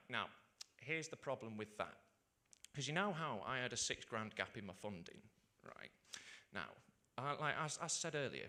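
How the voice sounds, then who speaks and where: A young adult man from the UK doing stand-up comedy. He is sweary and animated and keeps checking in with "right?". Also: medium pitch. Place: stage before a live audience.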